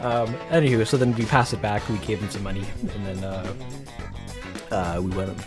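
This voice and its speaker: A man casually telling a rambling story while he works through a game development project, with many restarts and excited bursts. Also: lowish voice, moderate pace, music in the background. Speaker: game developer showing his work. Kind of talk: casual screen-recorded dev vlog with storytelling.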